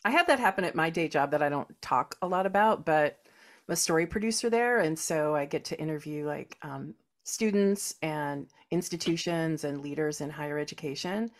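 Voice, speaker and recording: Low-voiced Californian Valley woman. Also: moderate pace. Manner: relaxed, lets sentences trail off. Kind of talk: casual chat.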